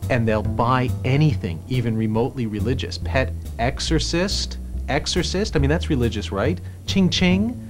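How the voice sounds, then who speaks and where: A man's voice: medium pitch, normal speed, hardly any pauses. A man as a film producer in a mockumentary interview, ranting and sarcastic, swearing freely. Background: music.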